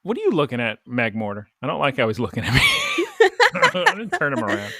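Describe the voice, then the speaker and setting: A man's voice: fairly high pitch, huge pitch swings, fairly quick, bright, forceful tone, husky, dry recording, clean studio sound. A man co-hosting a podcast, recapping an anime episode in rambling, jokey casual chat full of "like". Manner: rambling, jokey, lots of "like" fillers. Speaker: podcast co-host.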